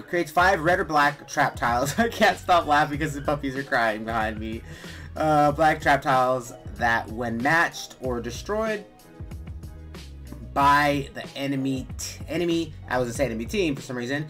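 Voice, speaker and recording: A man hosting a gaming video, casually walking through a game strategy in a relaxed, rambling way with lots of fillers and restarts. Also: mid-range voice. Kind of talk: casual game walkthrough commentary.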